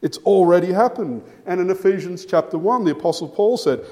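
A man preaching a sermon, emphatic, with his voice rising and falling for stress and measured pauses. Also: sits high, expressive, darkish tone. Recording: long hall reverb.

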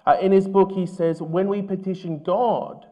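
A man preaching a sermon as pastor, earnest and measured, asking his listeners questions. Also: sits high, fairly even intonation, warm tone.

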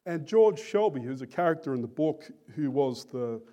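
A man preaching a sermon in an earnest, deliberate and emphatic manner. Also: a little high, expressive, warm tone.

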